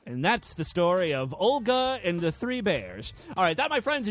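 A man's voice: sits high, sing-song, slow, a bit bright, faint music behind. A man hosting a podcast, reading out news with crude, irreverent commentary and frequent laughter. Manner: irreverent, laughs often, mock voices for quotes. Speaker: podcast host.

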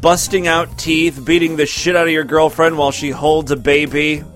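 A man's voice: fairly high pitch, flat delivery, moderate pace, a bit bright, soft background music. A man hosting a radio talk show, making sarcastic, mocking remarks over a clip. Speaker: radio host.

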